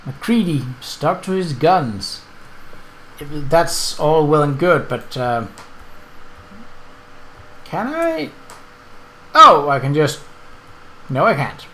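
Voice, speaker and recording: A man casually commenting on his gameplay and reading the game's text aloud, chatty and quick to correct himself. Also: on the high side, lively intonation, sharp tone. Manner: chatty, self-correcting, laughs at the game. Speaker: let's play host.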